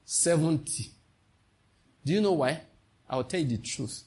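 A man's voice: fairly high pitch, lively intonation, a little slow, a little mellow, breathy edge. A man with a Nigerian accent preaching a sermon with passion, slipping into pidgin asides. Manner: impassioned, mixing in pidgin asides.

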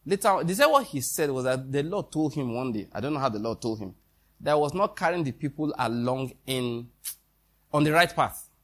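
A man's voice: mid-range voice, expressive, normal speed. Guy preaching, chatty, asks the church questions, acts out little conversations. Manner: conversational preaching with quoted dialogue and rhetorical questions. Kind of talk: sermon.

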